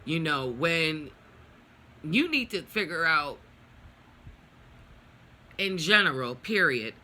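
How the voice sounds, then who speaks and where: A woman's voice: sits low, bright, forceful tone. A middle-aged woman vlogging a personal story, venting in a blunt, profane, heated way.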